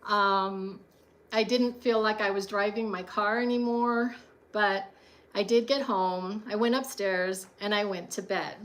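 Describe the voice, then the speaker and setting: A woman's voice: medium pitch, steady tone, a little slow, fairly bright tone. A woman telling a personal story in a chatty monologue, full of fillers and frequent laughs.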